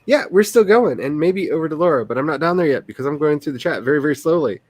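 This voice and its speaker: A man's voice: on the high side, lively intonation, quick pace, darkish tone, dry recording. A man hosting a casual livestream as an author, rambling and self-deprecating, who laughs often and restarts his sentences.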